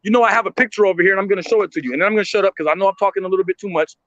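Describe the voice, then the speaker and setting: A man's voice: high voice, rapid-fire, fairly bright tone, no room sound, highs cut off. A man talking emotionally and emphatically on a livestream from his street stand, in slangy street talk. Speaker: street artist and vendor, livestream guest.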